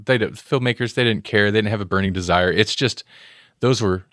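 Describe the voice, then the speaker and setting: A man's voice: fairly low pitch, a little fast, fairly bright tone, dry recording, studio quality. A man co-hosting a podcast, chatting casually about movies and acting out scenes with quoted voices. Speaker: podcast co-host.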